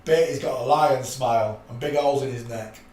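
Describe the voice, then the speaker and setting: A man's voice: mid-range voice, fairly quick. A man hosting a rambling live stream, muttering to himself and chuckling in a blunt, offhand way. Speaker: channel host. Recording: echoey room, mic at a distance, faint hiss.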